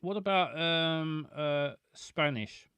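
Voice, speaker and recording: A man's voice: a little high, slow pace, a bit bright, clean tone, no room sound. A man chatting casually and jokily, often stumbling and repeating his words as he reads out viewer questions. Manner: stammering, repeats words, jokey. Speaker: streamer reading viewer questions. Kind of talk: casual chat.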